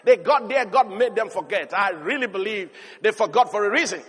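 A man preaching a sermon as a pastor, swinging passionately between loud exhortation and low storytelling. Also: lively intonation, a little fast, husky. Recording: long reverb of a large hall.

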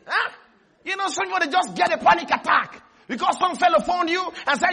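A male pastor preaching a lively sermon, often shouting and breaking into laughter. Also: very high voice, moderate pace. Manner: animated, shouting, laughing at his own points.

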